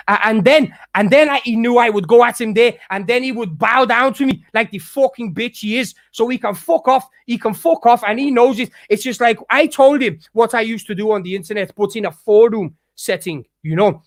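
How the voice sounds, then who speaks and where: A man's voice: very high-pitched, brisk, hardly any pauses, no echo, clean studio sound. A man ranting heatedly at a rival YouTuber, swearing often and restarting his sentences. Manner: heated, profane, repetitive restarts. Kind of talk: angry ranting vlog.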